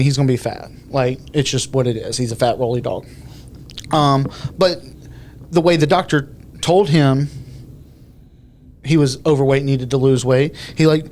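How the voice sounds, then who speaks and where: A man's voice: a little high, a little mellow. A man, co-hosting a podcast in casual, rambling talk full of fillers. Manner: rambling, loose sentences with many fillers. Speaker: podcast co-host.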